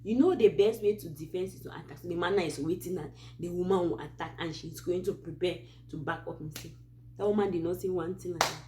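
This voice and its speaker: A Cameroonian woman with a somewhat low, mellow voice tells a true story to her channel's viewers. She speaks in a relaxed, animated way and keeps breaking off for asides. Her Cameroonian English accent colors every line. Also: fast, a little hiss or hum. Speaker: host of a Christian advice channel. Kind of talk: casual storytelling.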